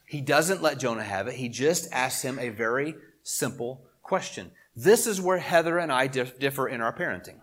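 A man's voice: medium pitch, animated, normal speed, few pauses. Middle-aged man preaching conversationally. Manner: conversational preaching with emphatic swells and quiet asides. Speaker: pastor. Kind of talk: sermon.

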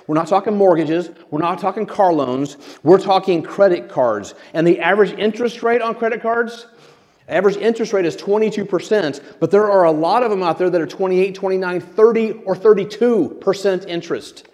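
A man's voice: high-pitched, a little fast, a little mellow. A man preaching a sermon, earnest and conversational, often repeating words as he thinks. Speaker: pastor. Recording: long hall reverb.

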